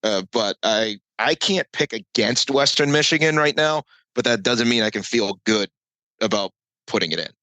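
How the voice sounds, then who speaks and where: Man, bright tone, animated, self-interrupting, casual sports talk, dry close mic. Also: mid-range voice, normal speed, no room sound, rough recording. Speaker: podcast co-host, betting analyst. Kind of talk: casual sports betting chat. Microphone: remote call mic.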